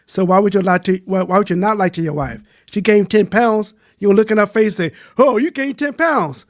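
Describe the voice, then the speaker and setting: A man joking and telling animated little stories as a panelist on a live-stream chat over a video call. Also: high voice, a little fast.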